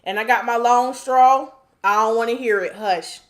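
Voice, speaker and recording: A chatty woman from North Carolina hosts a live stream, reading comments aloud and greeting viewers by name. Her voice sits a little above average pitch, and she is playful, often repeating her phrases. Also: moderate pace. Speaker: hair stylist hosting a live stream.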